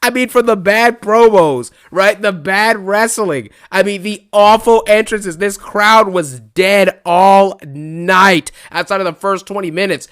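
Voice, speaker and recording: A man ranting casually as a wrestling reaction YouTuber, laughing often and talking in an animated, chatty way. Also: high-pitched, unhurried, hardly any pauses, smooth. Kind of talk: casual unscripted rant.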